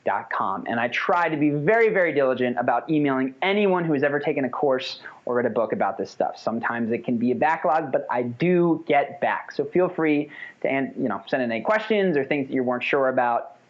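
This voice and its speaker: An energetic man leads an online lesson in a casual, conversational style. His voice sits at a middle pitch. The recording sounds slightly dull and lo-fi. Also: fairly quick. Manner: energetic, conversational, demonstrates voice changes. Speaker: course instructor.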